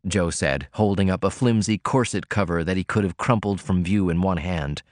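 A man reading a classic novel aloud in a measured, storytelling manner. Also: low-pitched, a little mellow, dry recording, clean studio sound. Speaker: audiobook narrator. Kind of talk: scripted audiobook narration.

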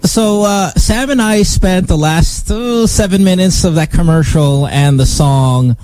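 A man hosting a morning radio show, chatting casually in an animated, rambling, joking way on a studio microphone. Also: high voice, measured pace, dry recording.

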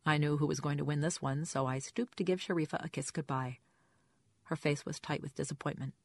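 Low-voiced woman narrating a story. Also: steady tone, fairly quick, vocal fry, dry recording. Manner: dry, wry storytelling. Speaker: audiobook narrator. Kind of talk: scripted first-person narration.

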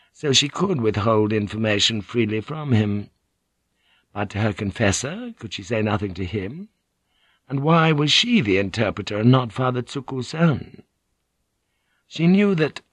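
A man reading an audiobook as the narrator in a measured, low-key way. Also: dry recording. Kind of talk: scripted narration.

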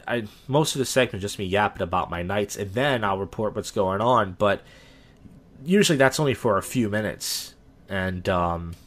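A young man with a somewhat low voice, talking casually on a podcast. He rambles, restarts his sentences and acts out little bits of dialogue as he goes. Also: a bit bright. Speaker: podcast guest. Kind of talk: casual chat.

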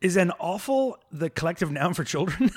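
Husky, jokey man from Canada. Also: high voice, animated, moderate pace. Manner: laughs often, jokey. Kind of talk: casual podcast banter.

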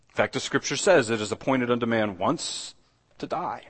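A man preaching a sermon in a conversational way. He often repeats words and restarts, then swells louder on key points. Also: mid-range voice, animated, fairly quick, slightly rough. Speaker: pastor.

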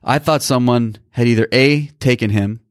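The speaker, a podcast co-host in his thirties, shares a personal story that rambles and turns emotional, full of restarts. His pitch is medium and his pace moderate, captured at studio quality without echo.

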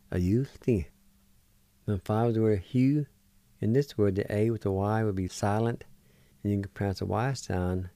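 A man's voice: lowish voice, dark tone, no echo. A man hosting a radio language lesson, patiently spelling words letter by letter and repeating each pronunciation. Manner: encouraging. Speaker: radio host teaching Cherokee words.

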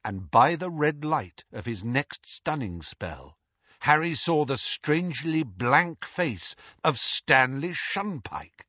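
A man narrating an audiobook in a dramatic, expressive reading. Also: medium pitch, slow pace, dry recording, lo-fi sound.

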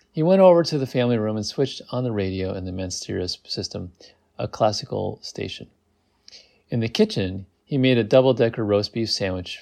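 A man's voice: lowish voice, gravelly, a little mellow. A man reading a novel aloud, amused, who stops to comment on the text. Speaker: reader.

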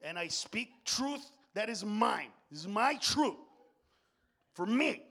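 A man doing crude, loud stand-up comedy on stage, often slipping into impressions. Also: high-pitched. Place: comedy stage before a live audience.

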